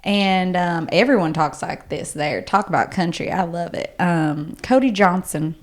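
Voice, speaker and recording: A woman's voice: on the low side, a little slow. A woman co-hosting a podcast, joking drily in casual chat. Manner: dry, joking. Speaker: podcast co-host.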